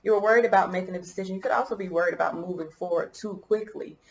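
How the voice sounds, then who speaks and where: A woman's voice: on the low side, rapid-fire, vocal fry, roomy sound, low-quality recording. A woman giving a casual tarot reading to her viewers, musing and hesitant as she thinks aloud, choked up and coughing at times. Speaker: tarot reader.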